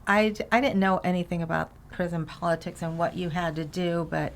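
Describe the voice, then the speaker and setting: Very creaky, low-pitched middle-aged woman. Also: fairly even intonation, a little hiss or hum. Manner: soft-spoken, hesitant, halting. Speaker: mother of the storyteller. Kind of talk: casual family conversation.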